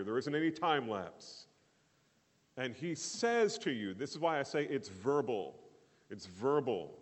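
Male pastor preaching, mid pitch, big bursts then quiet bits, long echo of a hall. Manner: earnest, emphatic preaching with rising bursts and quiet asides. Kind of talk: sermon.

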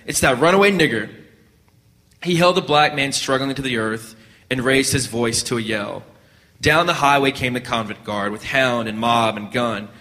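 A man reading a story aloud at a measured pace, now and then restarting a word. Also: medium pitch, bright, forceful tone, long reverb tail. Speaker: narrator.

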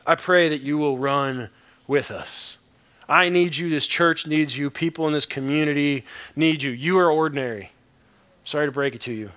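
Brief: male preacher, slightly high voice, bright and forceful, punchy repetitions, jokey asides. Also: normal speed. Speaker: pastor. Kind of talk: sermon.

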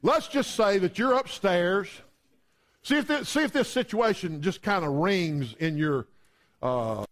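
High-voiced storytelling preacher man. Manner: conversational, storytelling with humor. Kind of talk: sermon.

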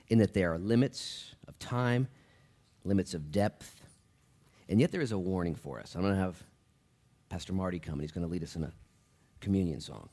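A man preaching a sermon as a pastor in a church, talking to the congregation in a conversational way that drops low and quiet, then rises loud and emphatic.

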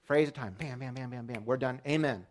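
Speaking quickly at a medium pitch, a male pastor delivers his sermon through laid-back stories sprinkled with gentle humor.

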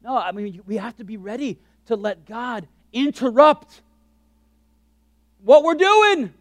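High-voiced joking pastor, dry sound. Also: male voice, slow pace, no echo. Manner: animated, joking, acts out his own thoughts in asides. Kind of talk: sermon.

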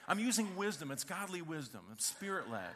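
Animated, bright-voiced preacher man. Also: sits high, fairly quick. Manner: animated storytelling with humor. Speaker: pastor. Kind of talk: sermon.

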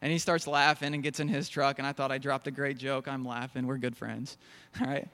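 A man's voice: medium pitch, level tone, brisk, a bit bright. A young man preaching a sermon in a church hall, telling jokey stories. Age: young adult. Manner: storytelling, jokey.

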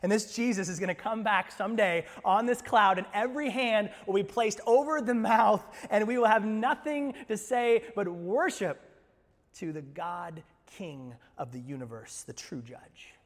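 A man preaching a sermon as pastor, animated, swinging from loud bursts to quiet low asides. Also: normal speed, in a large hall. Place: church sanctuary.

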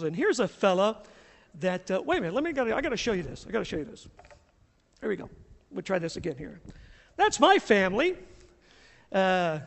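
High, lively pastor in an echoey church. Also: male voice, creaky. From US South. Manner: animated, chuckling storyteller. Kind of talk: sermon with storytelling. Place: church sanctuary.

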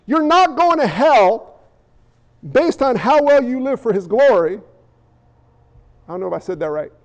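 A male pastor preaching an animated sermon, acting out the voices he quotes. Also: very high-pitched, measured pace. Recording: echoey hall, dull lo-fi sound.

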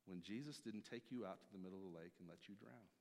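A man preaching a sermon from a church stage, emphatic, swinging from loud to hushed. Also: sits low, fast talker. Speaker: pastor. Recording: long hall reverb.

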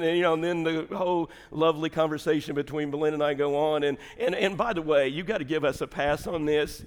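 A middle-aged male pastor with a fairly high voice tells a funny family story from the pulpit, chuckling as he goes. His voice rings out in a church with a long, hanging reverb. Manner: humorous, chatty, laughs often. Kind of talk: storytelling sermon. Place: church sanctuary.

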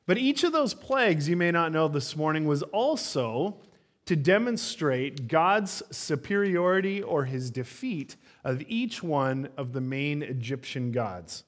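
Pastor preaching in a slightly high voice. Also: male voice, sing-song, measured pace. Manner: conversational storytelling with frequent fillers. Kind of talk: sermon. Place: church.

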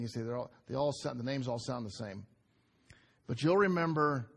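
A man preaching a sermon in a conversational way, asking the congregation rhetorical questions and dropping to quiet asides between emphatic lines. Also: mid-range voice. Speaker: pastor.

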